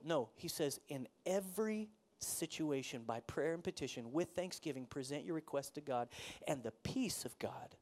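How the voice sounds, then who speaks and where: A pastor preaching a sermon in a conversational way, asking the congregation questions and acting out the people in the story. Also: male voice, on the high side. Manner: conversational preaching, asks the audience questions, acts out quotes.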